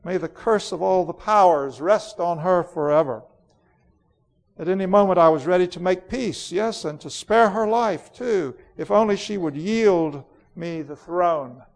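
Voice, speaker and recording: A man's voice: high voice, unhurried. A man voicing a cold, ruthless queen in a dramatic storybook reading, in an imperious, declamatory manner. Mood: bitter, imperious. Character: proud, cold, ruthless ancient woman queen.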